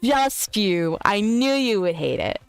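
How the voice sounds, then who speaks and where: A woman streaming as a VTuber, chatting loosely with her viewers and answering their messages out loud. Her voice is smooth and clean, pitched in a middle range, and she swears freely between jokes and teasing. Faint music plays behind her. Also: very animated, takes it slowly, no echo. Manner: crude, joking, teasing. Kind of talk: casual live-stream chat, reading viewer messages aloud.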